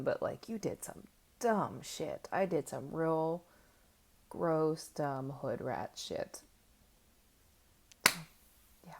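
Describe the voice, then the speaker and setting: Woman in her 30s, vlogger, low gravelly voice, candid and self-mocking, casual storytelling. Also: a little mellow.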